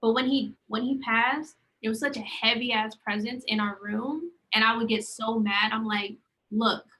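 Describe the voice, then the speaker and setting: A young woman chatting casually as a podcast co-host, with a bright, forceful voice sitting a little high. She tells her stories animatedly and acts out the lines of the people in them. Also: steady tone, a little slow, low-quality recording. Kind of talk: casual chat.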